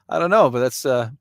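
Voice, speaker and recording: A mid-pitched man from Canada hosts an informal live stream. He riffs on viewer comments in a relaxed, conversational way and laughs easily between thoughts. The sound is dry and close, with no room echo. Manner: conversational, chuckles often, answers viewers by name.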